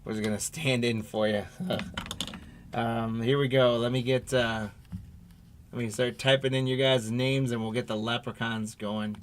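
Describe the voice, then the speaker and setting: A man hosting a live-streamed trading card break, calmly reading out each card and chatting with viewers by name. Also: mid-range voice, a little hiss or hum. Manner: unhurried, reads card names off one by one, friendly asides to viewers.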